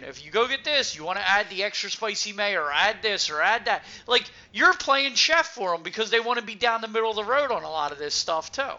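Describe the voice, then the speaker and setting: A man's voice: high voice, bright, forceful tone, dull audio. A man co-hosting a podcast in casual chat, stuttering and emphatic. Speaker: podcast co-host.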